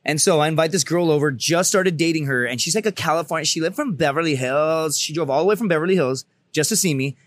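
Fast-talking profane male storyteller. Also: fairly high pitch, dry recording. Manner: profane, animated storytelling with acted-out quotes. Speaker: podcast co-host, Marine veteran. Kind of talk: casual storytelling.

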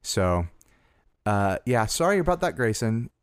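A man co-hosting a podcast in casual chat, relaxed and rambling, laughing easily. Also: fairly low pitch, measured pace, smooth, no room sound. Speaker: podcast co-host.

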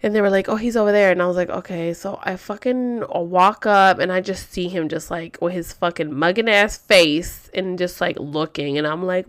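A young woman telling a personal story in casual, animated talk, swearing freely and acting out quotes. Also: medium pitch, normal speed.

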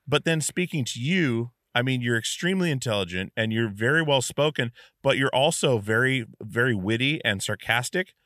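A man's voice: mid-range voice, lively intonation, moderate pace, hardly any pauses, bright, forceful tone, no room sound, clean studio sound. A man hosting a casual podcast interview, rambling with many fillers and restarts. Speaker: podcast host.

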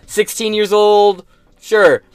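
A man's voice: high-pitched, flat delivery, slow pace, clean tone, no room sound. Crude, ranting male podcast host. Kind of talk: profane political commentary.

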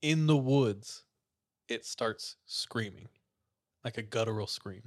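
A man's voice: lowish voice, slow. A man casually retelling a creepy story, full of fillers. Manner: relaxed storyteller, many "like" fillers.

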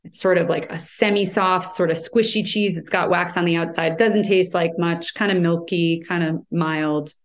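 An American woman with a somewhat low voice explains her field in a conversational interview. She is thoughtful and explanatory, with frequent fillers and restarts. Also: steady tone, moderate pace, hardly any pauses. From United States. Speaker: cheese writer and commentator.

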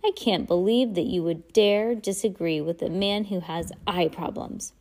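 Storybook read-aloud: a prim, fretful elderly widow, put on by a woman reader. Warm, mellow tone. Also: on the low side, moderate pace, close to an everyday voice. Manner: prim, fretful and easily flustered. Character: fussy nervous elderly widow.

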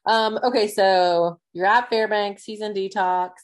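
A woman's voice: mid-range voice, steady tone, measured pace. A woman co-hosting a casual chat, asking questions hesitantly and restarting them. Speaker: podcast co-host.

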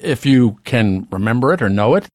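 A man's voice: mid-range voice, animated, moderate pace, darkish tone, dry recording, studio quality. A man interviewing guests, asking curious, appreciative questions.

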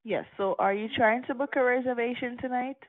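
A woman working as a reservations agent, polite and soft-spoken on a call. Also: fairly high pitch, fairly quick. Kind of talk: customer service call. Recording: tinny phone line.

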